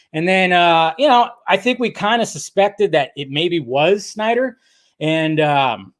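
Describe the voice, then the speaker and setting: High-voiced man rambling about films. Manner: rambling, chatty, full of "you know" asides. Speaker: film news vlogger. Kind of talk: casual film commentary.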